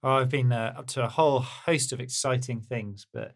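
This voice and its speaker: Brief: guy, mid-pitched, rambling, jokey, lots of ums. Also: fairly even intonation, moderate pace. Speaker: podcast co-host, bike tester. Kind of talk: casual chat.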